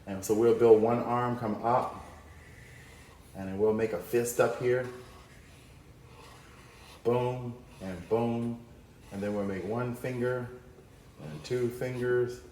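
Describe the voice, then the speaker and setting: A man's voice: medium pitch, darkish tone, echoey room, a little hiss or hum. A man teaching a cartoon drawing lesson, upbeat and playful as he talks through each stroke. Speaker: art teacher.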